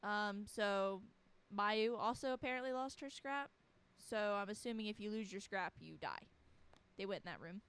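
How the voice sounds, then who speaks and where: A woman's voice: medium pitch, normal speed, fairly bright tone, clean tone. A woman giving casual commentary as she plays a horror game, with wry, sarcastic asides. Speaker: let's play streamer.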